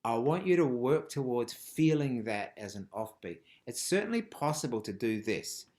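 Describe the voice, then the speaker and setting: A man teaching a live online rhythm workshop, chanting rhythmic words and dropping from loud calls to whispers. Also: mid-range voice, lively intonation, moderate pace. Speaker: music teacher. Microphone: video call.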